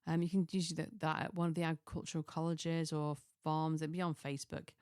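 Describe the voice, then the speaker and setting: A woman's voice: deep voice, level tone, brisk, darkish tone, smooth, dry recording, clean studio sound. A middle-aged woman from Chester, chatting casually through a list of ideas, rambling and restarting with chuckling asides. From Chester, England. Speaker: lifestyle vlogger.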